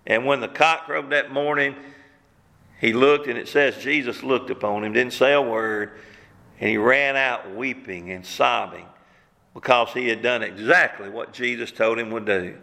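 A man's voice: mid-range voice, normal speed, vocal fry, sharp tone. A man preaching a sermon as pastor, using fervent rhetorical questions. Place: church sanctuary. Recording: long church hall reverb.

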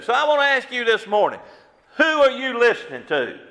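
Fervent high-voiced male preacher. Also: huge pitch swings, fairly quick, bright, forceful tone, long reverb tail. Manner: fervent, repeated rhetorical questions. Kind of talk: sermon. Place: church sanctuary.

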